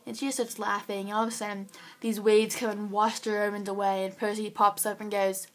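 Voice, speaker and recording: Teen girl, excitable vlog book reviewer, filler-heavy, chatty. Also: medium pitch, a little fast.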